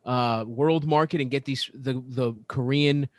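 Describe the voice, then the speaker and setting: A man co-hosting a casual sports podcast, telling a long profane story in animated, ranting bursts. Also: medium pitch, measured pace, no room sound, studio quality. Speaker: podcast co-host.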